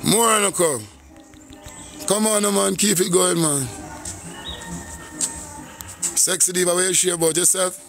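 A man's voice: high voice, fairly even intonation, moderate pace, vocal fry, long pauses, soft background music. A Jamaican man on a casual live stream, greeting viewers by name and humming and scatting between lines. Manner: shouts out viewers, hums and scats between lines.

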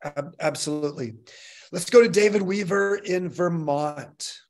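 A man hosting a live online fireside chat, upbeat and quick to laugh, moving the talk along with brisk announcements. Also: fairly high pitch, a little mellow. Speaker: host.

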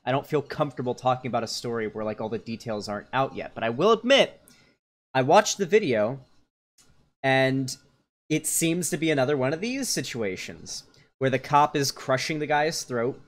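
A man's voice: mid-range voice, expressive, normal speed. A young adult man streaming live, giving casual, rambling reaction commentary full of fillers and restarts.

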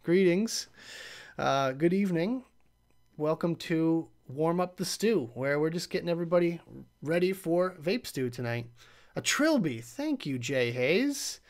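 A young man talks to his live-stream viewers in a loose, rambling way. His voice sits a little high for a man. He reacts aloud, trails off and restarts as he opens and tries the mail he was sent. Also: lively intonation, a little slow. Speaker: host of a live vape review show. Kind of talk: casual live-stream chat, unboxing mail.

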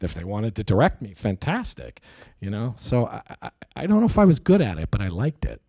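A middle-aged man casually telling an animated anecdote in an interview, acting out voices, laughing and swearing often. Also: fairly low pitch, fairly quick, creaky, dry recording, studio quality. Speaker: actor telling stories.

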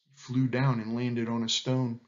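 A man reading a children's animal story aloud in an expressive, animated way. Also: mid-range voice, normal speed. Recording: dull lo-fi recording.

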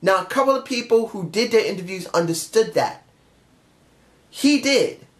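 A man's voice: high-pitched, animated, moderate pace. A man reviewing a wrestling show in a casual spoken style, blunt and exasperated, firing off repeated questions.

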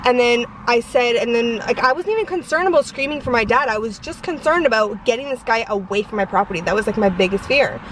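A woman's voice: a little high, lively intonation, quick pace, hardly any pauses, a bit bright. Chatty young woman, distant with traffic. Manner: rambling, heavy use of "like" and "you guys". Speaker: vlogger. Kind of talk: casual storytime chat.

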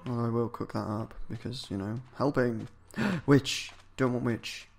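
A man's voice: mid-range voice, unhurried, creaky, soft background music. Foul-mouthed man narrating his gameplay. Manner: swears a lot, mutters and yells at game enemies. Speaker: video game let's-player. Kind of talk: casual gameplay commentary.

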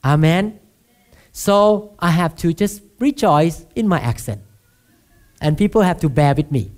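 A pastor with a Thai accent delivers a sermon in a notably high-pitched voice. He speaks with easy, self-deprecating humor and keeps asking the listeners to answer him. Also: expressive, measured pace, a little mellow. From Thailand. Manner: asks the congregation for responses, self-deprecating humor.

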